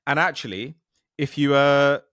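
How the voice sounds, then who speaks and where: A man's voice: medium pitch, a little slow, no echo, clean studio sound. Wry English man, podcast co-host. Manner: wry, joking, relaxed. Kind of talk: casual chat.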